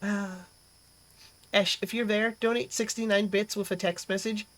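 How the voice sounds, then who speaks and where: A woman's voice: mid-range voice, steady tone, moderate pace, a bit bright. A young woman hosting a live stream, chatting casually, rambling and swearing freely as she reacts to chat. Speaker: livestream host.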